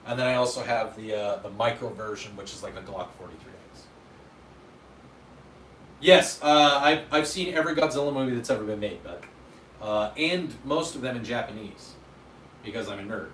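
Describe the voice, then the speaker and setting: A man's voice: on the low side, animated, moderate pace, a bit bright, slight background noise. A man hosting a casual livestream, chatting loosely and answering viewer comments with self-deprecating humor. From Utah, USA. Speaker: livestream host. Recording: echoey room, mic at a distance.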